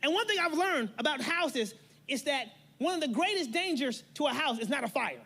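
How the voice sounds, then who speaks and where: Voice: high voice, lively intonation, normal speed, creaky, bright, forceful tone. A pastor giving a sermon in a church, emphatic and playful, with a lot of repetition.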